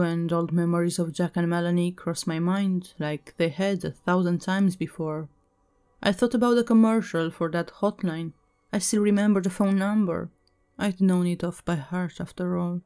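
A woman reads a first-person horror story aloud in a measured, even manner. Her voice sits on the low side with a warm, mellow tone. The delivery is steady and scripted throughout. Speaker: narrator.

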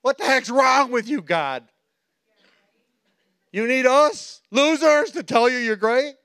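A male pastor preaching a sermon, telling stories with animated quoted voices and frequent laughter. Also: extremely high pitch, slow pace, clear, resonant tone. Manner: animated storytelling, acts out quotes, laughs often. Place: church.

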